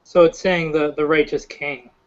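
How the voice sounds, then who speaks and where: Brief: inquisitive man, slightly high voice, stop-start delivery, lo-fi call audio. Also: little pitch movement. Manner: inquisitive, halting. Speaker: Bible study participant. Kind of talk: casual group discussion.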